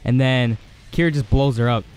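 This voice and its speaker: A man casually recapping an anime episode in an excited, rambling way, full of fillers. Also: medium pitch, normal speed, soft background music. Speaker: anime reviewer.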